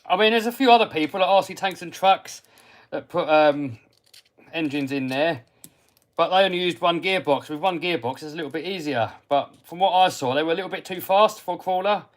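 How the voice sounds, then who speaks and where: An English man runs a laid-back live stream about radio-control cars, reading viewer comments aloud and answering them in a friendly, chatty way. His voice sits a little high for a man. Now and then he drops into a quiet mutter while working on a part. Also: brisk. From England. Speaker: RC hobby livestream host. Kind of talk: casual live-stream chat while working on a model car.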